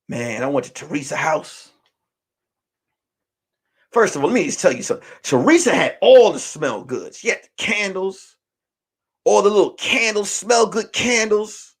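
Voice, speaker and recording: A man from Brooklyn telling a funny story in street slang, swinging between shouting and hushed near-whispers. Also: sits high, very animated, normal speed, pauses often, slightly rough. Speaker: host. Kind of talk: comedic storytelling.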